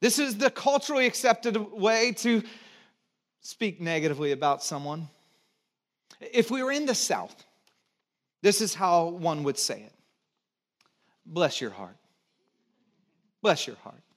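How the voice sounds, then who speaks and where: Speaking slightly slowly and pausing often, a middle-aged pastor from the United States preaches a sermon with big pitch swings, his voice high for a man. He addresses the church conversationally, gets people to repeat words, adds jokes, and ranges from loud emphasis down to quiet lows.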